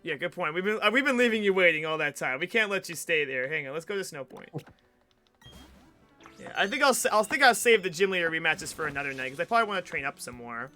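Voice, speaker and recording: A chatty man talking his way through a video game on stream, full of fillers and restarts. His voice is high and bright, and faint game music plays behind him. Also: animated, fast talker. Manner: rambling, chatty, many fillers. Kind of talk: casual let's play commentary.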